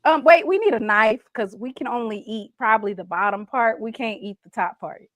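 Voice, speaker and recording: A woman's voice: fairly high pitch, brisk, fairly bright tone, no echo. A woman, hosting a casual livestream chat and playfully reading viewer comments. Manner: chatty, playful, reads viewer comments aloud. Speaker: livestream host.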